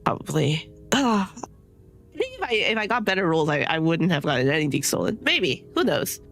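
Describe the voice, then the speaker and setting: A woman's voice: lowish voice, big pitch swings, moderate pace, fairly bright tone, soft background music. A young woman streaming a game, chatting casually and rambling with lots of filler words and laughs. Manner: chatty, giggly, rambling with many "sort of" and "like" fillers. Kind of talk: casual gameplay commentary.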